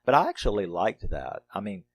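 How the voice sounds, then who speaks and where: A man's voice: on the low side, very animated, a little fast. A middle-aged man reviewing a horror movie in casual, rambling talk, laughing often and swearing freely.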